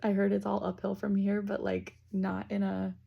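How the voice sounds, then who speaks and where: A woman giving a casual spiritual reading and leading slow breathing, talking loosely with fillers and the odd swear word. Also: medium pitch, monotone, vocal fry, husky, lo-fi sound. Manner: slows down and softens into near-whispers. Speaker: intuitive reader.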